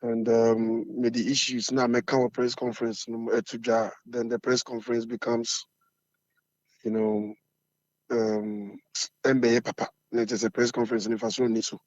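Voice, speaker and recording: A Ghanaian man with a hoarse voice, the chairman of a supporters' group, talking in an assertive, fiery way in an interview. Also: mid-range voice, little pitch movement, moderate pace, darkish tone, dry recording, lo-fi sound.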